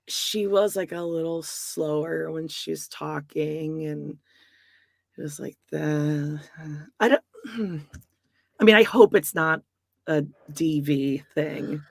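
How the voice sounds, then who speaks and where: Low-voiced woman in a dry room. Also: no room sound. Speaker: podcast co-host. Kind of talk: casual gossip chat.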